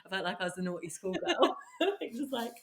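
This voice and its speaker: A woman hosting a podcast in casual chat, bubbly and enthusiastic and quick to laugh. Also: medium pitch, lively intonation, noisy background. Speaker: podcast host.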